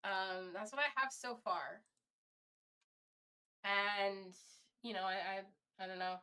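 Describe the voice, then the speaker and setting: A woman streamer talking through her feelings in a halting, candid monologue, often restarting and swearing freely. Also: mid-range voice, pushed and bright, smooth.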